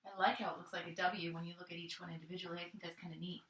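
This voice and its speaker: A woman teaching a children's art lesson step by step, gently encouraging and thinking aloud as she colors with crayons. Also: on the low side, level tone, very fast, roomy sound, recorded from a distance, rough recording.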